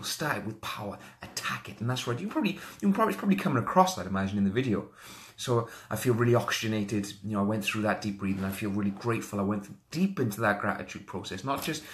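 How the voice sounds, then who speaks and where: On a live social media video, a Welsh man works as a motivational coach, speaking with energy and greeting viewers by name. His voice sits on the low side with a fairly bright tone.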